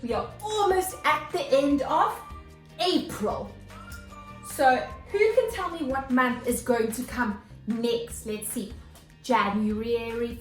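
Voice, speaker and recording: A woman teacher, leading a children's morning lesson in an animated way, with gasps and exclamations. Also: high-pitched, roomy sound.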